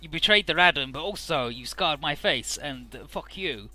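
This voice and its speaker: A man's voice: fairly high pitch, animated, moderate pace, pushed and bright, soft background music. A man voicing a gloating male cyborg villain who taunts and cackles, for a game. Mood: menacing.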